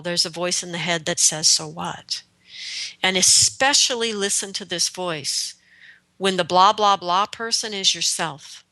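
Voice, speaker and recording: A woman hosting a radio show on shamanic practice, speaking slowly and earnestly in a reflective spiritual talk. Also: fairly low pitch, sharp tone, no echo. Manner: slow, deliberate and earnest.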